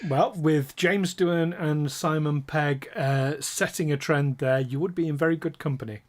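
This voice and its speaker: A man's voice: a little high, normal speed. A man hosting a live tabletop role-playing stream as game master, joking and laughing often as he introduces the players. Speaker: game master and show host.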